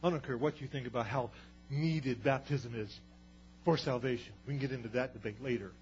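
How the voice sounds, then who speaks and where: A man preaching a sermon, telling stories with lively swings between loud and hushed delivery. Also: mid-range voice, fairly quick, soft background music. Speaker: pastor. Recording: dull sound with faint hum.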